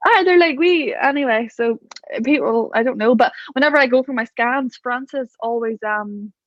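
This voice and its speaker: A woman guest on a podcast, chatting casually and telling animated stories. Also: on the high side, moderate pace, no room sound, highs cut off. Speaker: podcast guest, business owner. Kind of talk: casual chat.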